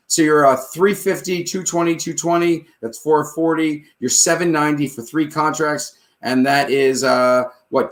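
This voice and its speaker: A man hosting a trading advice show, talking casually and confidently while he walks through the numbers out loud and keeps checking in with his listener. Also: fairly high pitch. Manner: checks in with "all right?" and "okay?" often. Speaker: stock trading advice host.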